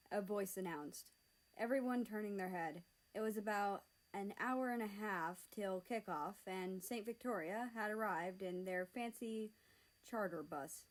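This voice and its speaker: Female fan fiction narrator, steady and matter-of-fact. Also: mid-range voice, normal speed, rough recording. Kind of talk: storybook narration.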